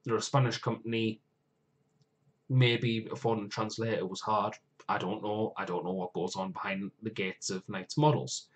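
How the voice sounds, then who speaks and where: Speaking at a moderate pace in a lowish voice, a live stream host rattles off a wish list with lively enthusiasm. His casual talk digresses constantly, and he keeps losing track and correcting himself.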